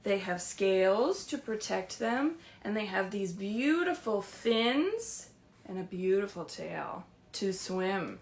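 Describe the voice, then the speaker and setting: Woman children's librarian, fairly high voice, unhurried sing-song story time read-aloud. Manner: sing-song, animated storytelling with questions to kids. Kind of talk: reading picture books aloud to children. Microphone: streamed live.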